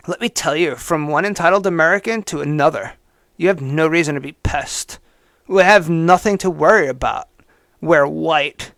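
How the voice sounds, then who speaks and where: A man putting on a lower voice to mock a hateful young male online ranter, reading his post slowly and with heavy, sneering emphasis. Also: a bit bright, no room sound, studio quality.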